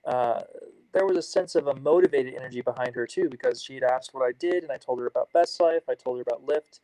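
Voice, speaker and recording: A man co-hosting a casual chat, relaxed as he tells a story and acts out both sides of a conversation. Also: mid-range voice, quick pace, dry recording, rough recording. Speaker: co-host.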